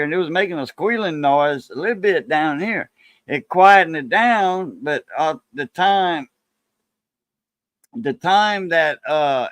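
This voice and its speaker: A man's voice: a little high, fairly bright tone, no echo. A man with a Cajun accent hosting a casual chat, telling rambling folksy stories in a loose, easygoing way. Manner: rambling, folksy storytelling with laughs. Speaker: channel host.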